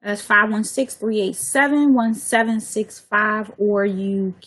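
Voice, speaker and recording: A woman's voice: medium pitch, measured pace, fairly bright tone. A woman hosting her own live radio talk show, chatting loosely and casually with her listeners.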